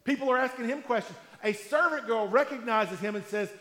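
A man preaching a sermon in a conversational storytelling way, with emphatic pauses, in a large hall. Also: extremely high pitch, a bit bright. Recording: echoey hall with long reverb.

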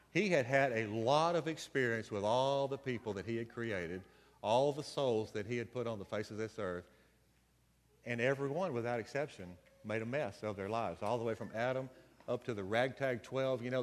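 A man's voice: mid-range voice, long reverb tail. A man preaching a conversational sermon, with folksy storytelling asides. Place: church sanctuary.

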